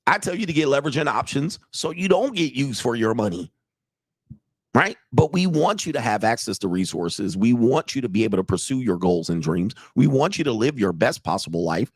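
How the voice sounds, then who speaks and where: A man's voice: mid-range voice, big pitch swings, a little fast, darkish tone, husky, dry recording. A man hosting reaction commentary as a dating coach, talking in an emphatic, conversational way and often repeating himself.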